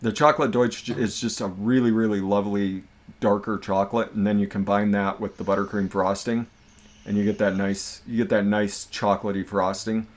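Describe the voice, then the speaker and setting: A man with a fairly low voice hosting a laid-back livestream. He talks in a relaxed, chatty way and tosses in jokes as he goes. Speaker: livestream host. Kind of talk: casual livestream chat.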